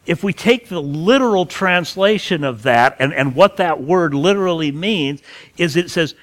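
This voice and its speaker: Earnest preacher with a lively voice. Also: male voice, a little high, moderate pace. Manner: earnest, stresses key words, frequent restarts. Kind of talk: expository Bible teaching.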